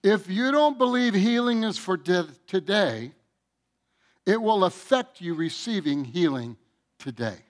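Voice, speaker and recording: A man's voice: sits high, lively intonation, measured pace. A male pastor preaching a sermon, speaking emphatically and addressing the congregation directly.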